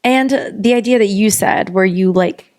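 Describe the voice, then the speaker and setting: A woman co-hosting a podcast in casual chat, emphatic and animated, swearing freely. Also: mid-range voice, moderate pace. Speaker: podcast co-host.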